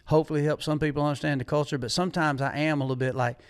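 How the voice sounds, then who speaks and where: A middle-aged man, hosting a podcast and telling stories in an animated, folksy way. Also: a little high, very fast, clear, resonant tone. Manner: animated storyteller, folksy, laughs often. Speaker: podcast host. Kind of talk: casual chat.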